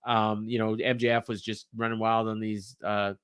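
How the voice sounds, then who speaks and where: A man's voice: lowish voice, level tone, normal speed, a bit bright, smooth. A man co-hosting a podcast, recapping a show in a rambling way with many fillers. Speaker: podcast co-host. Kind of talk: casual wrestling recap.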